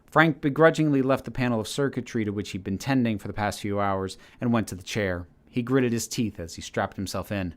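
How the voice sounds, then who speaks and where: A man narrating a story aloud in a steady, measured reading manner. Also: lowish voice. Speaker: channel host reading his story. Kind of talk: audiobook-style story narration.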